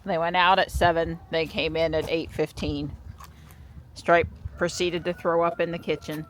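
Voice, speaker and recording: A woman chatting casually in a vlog outdoors in her yard, recorded on a small handheld camera and breaking into a high sing-song voice when she calls her pets. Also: little pitch movement, normal speed, slight background noise. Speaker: vlogger.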